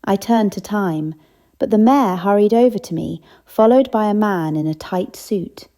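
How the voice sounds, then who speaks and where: A woman narrating a cozy mystery audiobook, giving the characters small lifts in pitch. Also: normal speed, mellow. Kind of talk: scripted narration.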